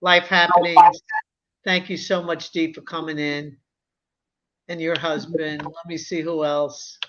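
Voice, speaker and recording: A woman from the US East Coast hosting a casual live-stream chat, animated and effusive with her guests. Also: sits low, a little slow, lo-fi sound, slight background noise. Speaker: livestream host.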